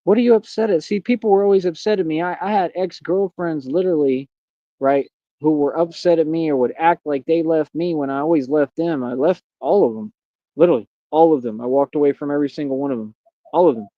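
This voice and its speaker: A man's voice: a little high, fairly quick, no echo, highs cut off. A man hosting a livestream, delivering a boastful, defiant and mocking monologue. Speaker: livestream host. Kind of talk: unscripted ranting monologue.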